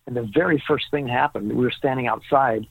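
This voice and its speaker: Male guest storyteller, animated, plays out the dialogue; tinny, dry phone-line audio. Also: mid-range voice, fairly quick, creaky, husky, dry recording. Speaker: guest author. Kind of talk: storytelling in a podcast interview.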